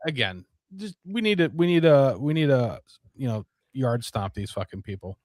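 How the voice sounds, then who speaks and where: A man's voice: medium pitch, very animated, moderate pace, a little mellow, dry recording, studio quality. Profane rambling man on a podcast. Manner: rambling, profane, many fillers. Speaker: podcast host. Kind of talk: casual live-stream chat.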